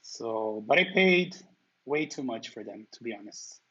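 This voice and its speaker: A man's voice: medium pitch, animated, unhurried, a bit bright, dull audio. A man from Brazil with a heavy Brazilian Portuguese accent, hosting a livestream and chatting casually, answering viewers' comments. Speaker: livestream host.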